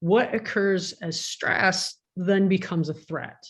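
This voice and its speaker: A woman sports psychologist giving a casual talk over a video call, lively, with many restarts and "right?" tags. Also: on the low side, slow pace, slightly rough. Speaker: guest speaker, sports psychologist.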